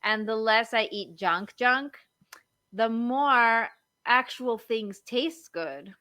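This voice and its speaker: Bright chatty woman telling stories. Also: fairly high pitch, slow, no echo. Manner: chatty storyteller, lots of likes and you-knows. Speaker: marriage coach. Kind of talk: casual podcast chat.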